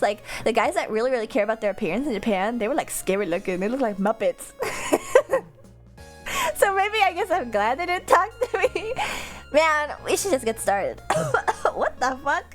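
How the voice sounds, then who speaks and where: A woman streamer chatting casually with her viewers, rambling into tangents and laughing often. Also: high-pitched.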